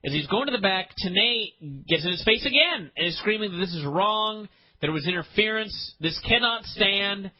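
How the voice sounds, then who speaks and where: This podcast host's voice sits high and is expressive as he rants, exasperated and profane, about a wrestling show he hates. His rant shifts quickly, and the recording sounds muffled.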